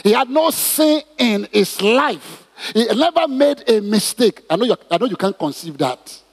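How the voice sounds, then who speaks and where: Guy preaching, high husky voice, keeps repeating himself, echoey big hall. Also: moderate pace. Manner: emphatic, repetitive, animated preaching with stammered restarts. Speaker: pastor. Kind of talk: sermon.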